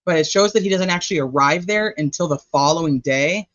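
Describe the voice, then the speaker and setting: Chatty man with a higher voice. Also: a little fast, a bit bright, no echo, highs cut off. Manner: chatty, rambling, thinking aloud while checking notes. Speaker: true crime channel host. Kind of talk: casual livestream commentary.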